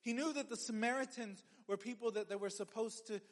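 A man's voice: sits high, brisk, in a large hall. A man preaching a sermon as a pastor, in a conversational way with joking asides and frequent restarts.

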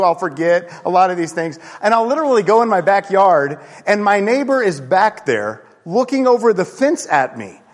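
Man, pastor, casual self-mocking sermon, slightly high voice, long hall reverb. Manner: casual, joking, self-deprecating.

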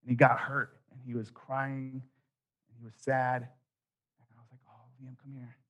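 A man in his thirties preaching a sermon, telling a story with quoted voices and dropping soft at key points. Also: medium pitch, little pitch movement, a little slow. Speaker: pastor.

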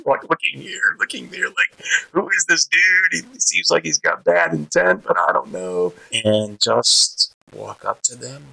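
A man's voice: mid-range voice, creaky, slightly rough, poor audio. A man from Connecticut telling his conversion testimony in casual street speech, acting out the quotes as he goes. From Bridgeport, Connecticut, USA. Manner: animated storyteller acting out quotes. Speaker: preacher giving his testimony. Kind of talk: personal testimony storytelling.

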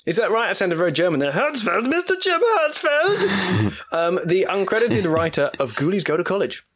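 Man, podcast host, chatty and self-mocking, fairly high voice, very lively pitch. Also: brisk, husky. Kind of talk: casual podcast chat.

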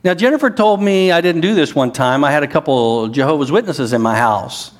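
A man's voice: fairly high pitch, lively intonation, a little fast. A middle-aged man preaching a sermon, conversational with asides, building to strong emphasis. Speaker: pastor.

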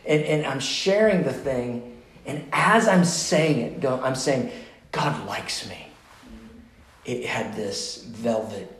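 Pastor guy preaching a class, passionate and chatty, mid pitch, roomy echo. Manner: passionate, conversational, with restarts, ends in prayer. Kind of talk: sermon teaching class.

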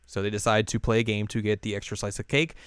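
A man's voice: fairly low pitch, steady tone, fast talker, smooth, no room sound. A man co-hosting a casual podcast, retelling an anime episode with frequent laughs. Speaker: podcast co-host. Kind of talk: casual chat.

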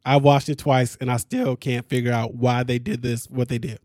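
A man hosting a podcast, recapping a reality show in casual, slangy talk, animated and laughing often. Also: medium pitch, moderate pace, no echo.

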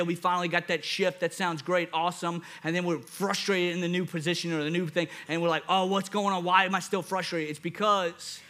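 A man preaching a sermon, energetic and emphatic, sometimes acting out people's reactions in a jokey voice. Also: sits high. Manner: acts out listeners in a jokey hyped voice.

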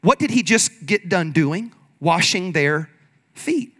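A man preaching a sermon in an energetic, conversational way, leading the congregation in call-and-response. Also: high-pitched, slow. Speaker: pastor.

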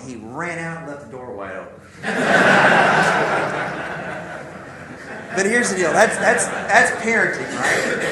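A man's voice: medium pitch, reverberant, noisy background. A man, preaching a sermon, telling stories and asking his listeners questions. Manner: storytelling, acts out quotes, asks the audience questions.

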